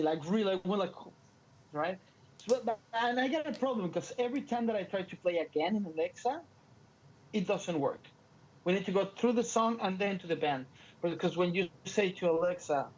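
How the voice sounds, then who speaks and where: A man's voice: high-pitched, lo-fi sound, a little hiss or hum. A Latino man whose first language is Spanish, co-hosting a podcast in casual, joking chat with a Latin American Spanish accent. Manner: animated, playful, joking. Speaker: podcast co-host.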